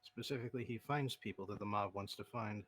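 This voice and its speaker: A man running a tabletop game as game master, talking in a relaxed, plain way with pauses. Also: on the low side, dry recording.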